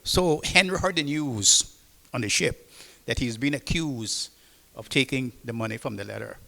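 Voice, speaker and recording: Gravelly older Caymanian man telling sea stories. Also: mid-range voice, normal speed, long reverb tail. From Cayman Islands. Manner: lively anecdotal storytelling with acted-out dialogue. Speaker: retired seafarer on a panel. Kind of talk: storytelling to an audience. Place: public talk in a hall.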